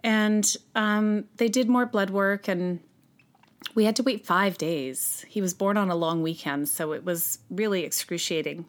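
A mother recounting her own story as an interview guest, earnest and halting with frequent restarts. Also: medium pitch. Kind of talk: personal storytelling in conversation.

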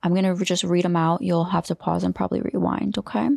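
A woman's voice: lowish voice, flat delivery, fast talker, creaky, a little mellow, no echo, studio quality. A woman hosting a solo coaching podcast, talking loosely with restarts and now and then dropping into a whisper. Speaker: podcast host and life coach.

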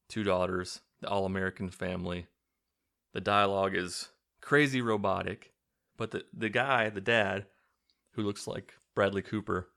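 Young man, podcast host, low voice, gravelly fry, casual sardonic movie recap. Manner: loose, profane and sardonic; acts out quotes in silly voices.

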